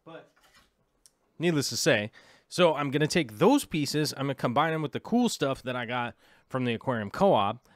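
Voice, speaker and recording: A man's voice: mid-range voice, lively intonation, moderate pace, no room sound, studio quality. A man chatting casually in a vlog, rambling and scatterbrained as he interrupts himself while looking things up. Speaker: aquarium hobby vlogger. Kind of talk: casual vlog chat while browsing links.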